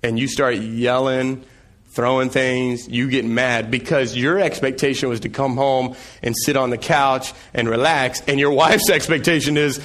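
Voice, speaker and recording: A male preacher and father giving a sermon, telling lively stories about family life that he acts out, then dropping low and quiet to press his point home. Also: normal speed. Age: young adult to middle-aged, father of several sons. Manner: animated storytelling, acting out family scenes.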